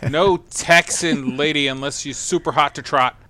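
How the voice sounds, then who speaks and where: A man hosting a movie chat show who talks in an opinionated, rambling way. His voice is bright and crisp, recorded close and dry with no room sound. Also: fairly high pitch, fairly even intonation, moderate pace, no echo. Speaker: podcast host. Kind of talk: casual movie discussion.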